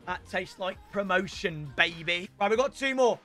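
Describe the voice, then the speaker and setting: High-pitched, excitable gaming streamer. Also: male voice, moderate pace, hardly any pauses. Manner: excitable, yells at the game, chatty banter to viewers. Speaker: gaming YouTuber. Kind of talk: live gameplay commentary.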